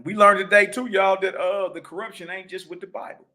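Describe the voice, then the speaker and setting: A man teaching a religious lesson, reading passages slowly and commenting in a casual, emphatic way with repeated catchphrases. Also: high voice, bright, forceful tone.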